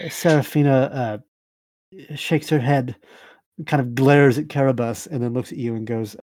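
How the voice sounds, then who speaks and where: A man's voice: medium pitch, fairly even intonation, measured pace, darkish tone, no room sound, studio quality. A man narrating a tabletop game as game master, often hesitating and searching for words.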